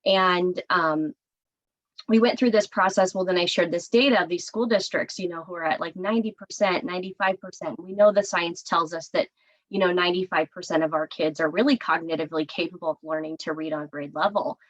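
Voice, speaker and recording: A woman district administrator speaking earnestly on a video-call panel, with many pauses and fillers. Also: on the low side, poor audio. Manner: earnest, many "um"s, gets emotional.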